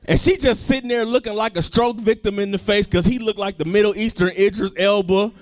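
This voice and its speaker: A male comedian doing a stand-up set, animated, swinging between loud outbursts and low asides. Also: brisk.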